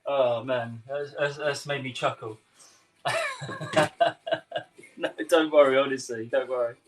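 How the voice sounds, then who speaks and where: A man's voice: mid-range voice, steady tone, normal speed, rough recording. A young man with a London-tinged English accent, a chef chatting and laughing with viewers during a live cooking stream. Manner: chatty, laughs often, answers viewer comments.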